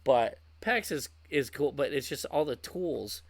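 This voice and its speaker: A man's voice: medium pitch, expressive, unhurried, no room sound. A man co-hosting a podcast in casual chat, swearing freely and acting out his own angry outbursts. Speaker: podcast co-host.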